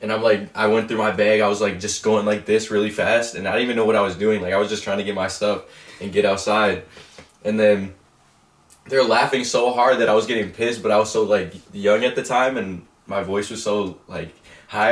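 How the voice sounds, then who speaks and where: A young man telling a story in casual chat, rambling and animated with lots of fillers. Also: lowish voice, a little fast. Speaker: co-host. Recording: roomy echo, mic at a distance.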